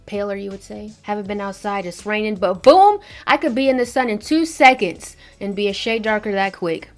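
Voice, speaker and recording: A woman beauty vlogger talking in a sassy, slangy, chatty way. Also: on the high side. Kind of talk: casual beauty vlog.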